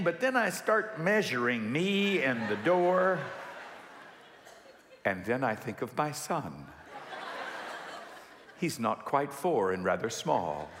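Animated pastor in his thirties, raised pitch, sermon in a reverberant hall. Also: slow, pauses often, background noise. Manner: animated storyteller acting out dialogue. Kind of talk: sermon with personal story. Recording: echoey hall with long reverb.

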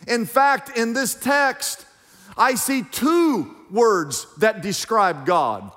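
A man's voice: very high voice, lively intonation, extremely slow, a bit bright, in a large hall. A man preaching a sermon in a church, emphatic and questioning the congregation directly. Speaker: pastor. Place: church sanctuary.

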